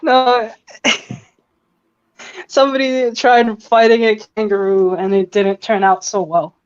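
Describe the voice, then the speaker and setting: Brief: a chatty woman telling stories on stream, slightly high voice, rambling delivery, muffled chat audio. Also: flat delivery, slow pace, clear, resonant tone. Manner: rambling, lots of fillers and laughter. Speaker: stream participant. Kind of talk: casual chat.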